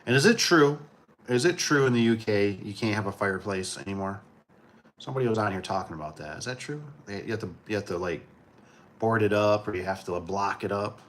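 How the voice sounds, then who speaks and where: Man from michigan, casual livestream host, lowish voice, rambling, chuckles a lot. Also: a little fast, fairly bright tone, slight background noise. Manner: laid-back, rambling, chuckles often.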